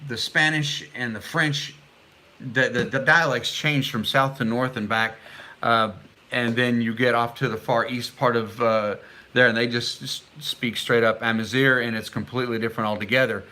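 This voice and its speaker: A middle-aged man hosting a casual live stream, chatting and reading viewer comments aloud while haltingly sounding out foreign words. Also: medium pitch, fairly even intonation, sharp tone.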